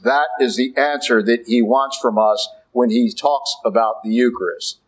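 A man's voice: medium pitch, fairly even intonation, normal speed, rough recording. A middle-aged man giving a sermon as a priest, emphatic and conversational, answering his own rhetorical questions. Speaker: Catholic priest.

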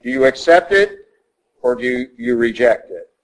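Guy preaching a catholic talk, emphatic, keeps repeating his points, mid-pitched voice. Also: animated, moderate pace, low-quality recording. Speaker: Catholic teacher. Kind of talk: sermon.

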